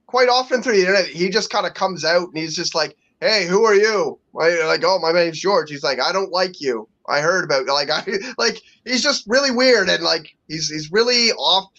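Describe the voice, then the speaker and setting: A man's voice: sits high, expressive, moderate pace, hardly any pauses, sharp tone. A man co-hosting a podcast, talking bluntly in rambling casual chat, full of fillers and restarts. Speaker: podcast co-host. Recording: dull lo-fi audio.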